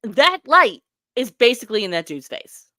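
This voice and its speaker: A young woman talks her way through a live commentary stream. Her voice is bright and bounces all over in pitch, with a cheeky, swearing, chatty manner. The sound is dry and close to the mic. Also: normal speed, dry recording. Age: young adult. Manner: animated, profane, laughing asides to viewers. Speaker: livestream co-host. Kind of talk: casual commentary chat.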